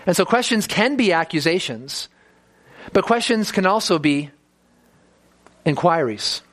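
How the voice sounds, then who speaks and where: A man with a fairly high voice preaches a sermon in an earnest, unscripted way. He often repeats a word as he starts a sentence. When he quotes others, he acts out their voices. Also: expressive, measured pace, a bit bright.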